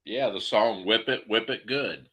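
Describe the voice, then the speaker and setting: A man's voice: on the low side, a little slow, sharp tone. A man in casual chat, telling profane stories with frequent laughter.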